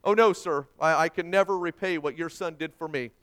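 A man's voice: on the high side, fairly quick, a bit bright, smooth, natural voice. A man voicing a humble, grateful young male soldier, told within a sermon. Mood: earnest. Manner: humble, earnest.

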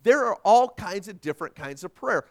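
Animated high-voiced male pastor preaching. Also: normal speed. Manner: folksy and animated, shifting from loud emphasis to soft asides. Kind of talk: sermon.

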